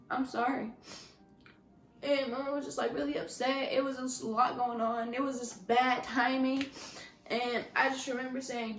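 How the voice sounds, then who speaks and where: A young woman telling a personal story on her vlog, speaking softly and emotionally with halting restarts. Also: on the high side, roomy sound, low-quality recording. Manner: soft-spoken, emotional, halting with many restarts. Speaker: vlogger.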